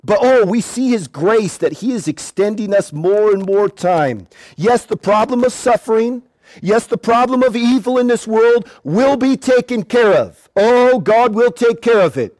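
Animated male preacher, lively pitch. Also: unhurried, no echo. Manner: animated storyteller, repeats words, shouts at times. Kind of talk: evangelistic sermon.

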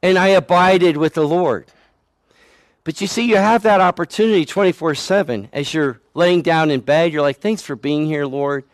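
A man's voice: high voice, moderate pace, no room sound. A man giving a conversational sermon as a pastor, joking at his own expense and acting out the voices he quotes. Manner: conversational, self-deprecating, acts out quoted voices.

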